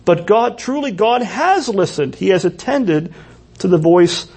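A man's voice: sits high, lively intonation, a little slow, a little mellow, breathy edge. A man preaching a sermon in a church, earnest and full of rhetorical questions. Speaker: pastor.

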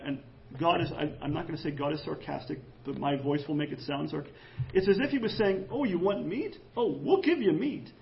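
A man preaching an animated, jokey sermon in church, acting out quoted voices. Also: sits high, gravelly, dull audio. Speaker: pastor.

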